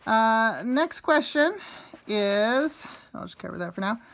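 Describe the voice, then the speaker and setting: A woman's voice: a little high, animated, takes it slowly, vocal fry. Woman teacher explaining grammar notes. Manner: explains step by step, repeats examples. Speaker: Spanish teacher. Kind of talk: recorded lesson.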